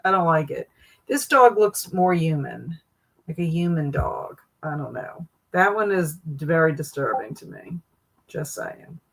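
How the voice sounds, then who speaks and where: A woman's voice: sits low, poor audio. A woman hosting a casual livestream, reacting with amused, laughing commentary. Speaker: livestream host.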